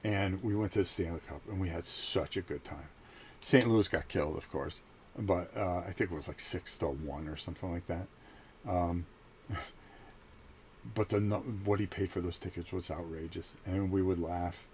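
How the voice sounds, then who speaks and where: A man's voice: deep voice, moderate pace, a little hiss or hum. A middle-aged man hosting his channel, telling a story in a casual monologue and acting out the conversations he recalls. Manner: animated, acts out quoted conversations. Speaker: channel host.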